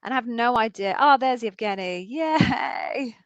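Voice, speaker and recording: A woman's voice: fairly high pitch, measured pace, no echo. A bubbly, chatty woman hosting a live stream over a video call. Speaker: co-founder and live stream host.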